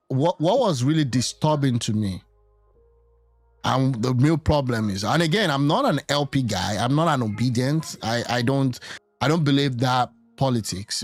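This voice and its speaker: A man's voice: mid-range voice, no room sound. A man giving casual political commentary, thinking aloud with many restarts and fillers. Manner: musing, halting, with many restarts.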